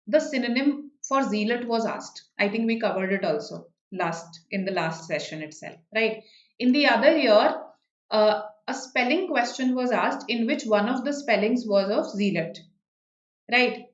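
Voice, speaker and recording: A woman's voice: on the high side, roomy sound, highs cut off. A woman with an Indian English accent teaching an exam-prep class online, explaining points and checking in with "okay" and "right". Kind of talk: online live class, answering student questions.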